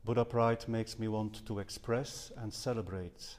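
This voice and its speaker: A man's voice: fairly low pitch, fairly even intonation, unhurried, darkish tone. A man giving a Buddhist dharma talk to a live audience, speaking earnestly with some hesitations and self-corrections. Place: seminar house hall. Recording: long reverb from a hall.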